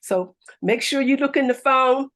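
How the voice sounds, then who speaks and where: A woman's voice: high voice, normal speed, fairly bright tone. A middle-aged woman leading a laughter yoga class, coaxing and upbeat, breaking into hearty laughter. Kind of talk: guided exercise class.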